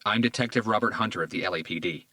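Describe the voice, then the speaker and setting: A man voicing a calm, quiet police detective who speaks gently and evenly in an audiobook thriller. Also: lowish voice, fast talker, no echo.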